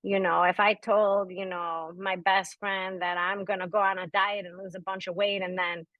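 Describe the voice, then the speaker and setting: A woman's voice: medium pitch, flat delivery, moderate pace, no echo, phone-quality sound. A woman hosting a spiritual group session on a video call, encouraging and affirming the members. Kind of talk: supportive group discussion.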